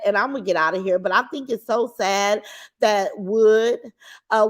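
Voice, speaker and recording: A woman hosting a livestream, reading viewer comments aloud and giving her opinions in casual chat. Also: medium pitch. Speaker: livestream host.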